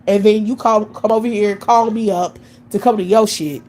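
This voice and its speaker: A woman's voice: mid-range voice, steady tone, normal speed, darkish tone, rough recording. A woman in her late thirties ranting bluntly on a live stream, scornful and swearing constantly. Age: 30s. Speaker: livestream host. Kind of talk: profane live-stream rant.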